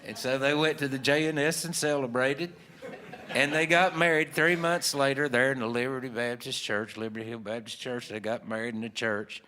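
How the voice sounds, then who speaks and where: A man's voice: mid-range voice, steady tone, moderate pace, bright, forceful tone. A man with an Appalachian accent telling a folksy story in a rambling, easygoing way full of fillers. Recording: long hall reverb.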